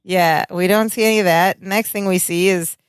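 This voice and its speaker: Smooth-voiced podcast co-host retelling scenes. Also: mid-range voice, normal speed, dry recording, studio quality. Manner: narrates scenes, quoting lines in a flat retelling. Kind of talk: casual chat recapping a sitcom.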